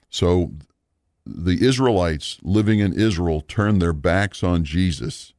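A man with a very low voice teaches scripture at a measured, explanatory pace, pausing with small fillers. The sound is dry and close, with no room around it. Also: expressive, a little mellow, dry recording. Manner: slow, deliberate, explanatory, with fillers. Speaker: Bible teacher. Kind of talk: radio Bible teaching.

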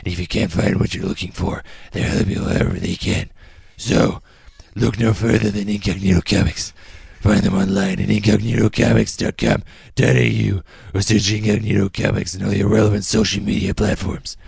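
A man's voice: on the low side, flat delivery, moderate pace, creaky, few pauses, a little mellow, slightly rough, no room sound, studio quality. A man co-hosting a podcast, joking and laughing between a casual ad read. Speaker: podcast co-host.

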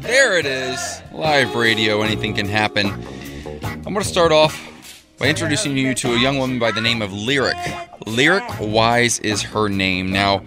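A man hosting a radio show, chatting casually with a co-host and telling upbeat stories. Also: mid-range voice. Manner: easygoing, upbeat storyteller.

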